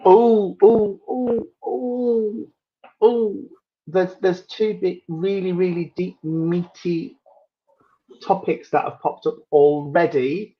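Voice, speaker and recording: Slow-talking man on a dull line. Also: high-pitched, fairly even intonation. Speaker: co-host, medium. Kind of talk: casual live-stream chat.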